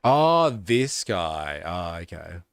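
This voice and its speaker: A man's voice: low voice, very animated, extremely slow, gravelly, clean tone, dry recording, studio quality. A man hosting a live stream, reading comments and policies aloud with sarcastic, muttered asides.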